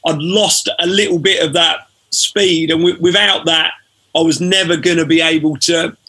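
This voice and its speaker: A man, a former footballer telling stories as a podcast guest in a relaxed way. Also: a little high, moderate pace, husky. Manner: relaxed storytelling, frequent fillers. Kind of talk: casual podcast interview.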